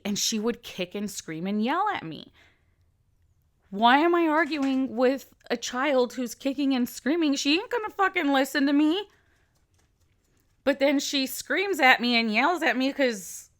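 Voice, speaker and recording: A woman's voice: sits high, lively intonation, measured pace, fairly bright tone. A woman in her thirties giving casual, blunt commentary as a vlogger. She swears freely and drops into whispered asides.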